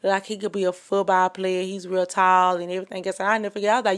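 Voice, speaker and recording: A woman's voice: medium pitch, little pitch movement, fast talker, hardly any pauses. A woman in her thirties hosting a podcast, delivering an impassioned casual opinion monologue with frequent fillers. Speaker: podcast host.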